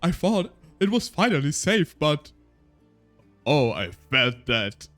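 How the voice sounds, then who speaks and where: A man's voice: on the high side, a bit bright. A man streaming a game, chatting casually and reading its text aloud, laughing often and tripping over his words.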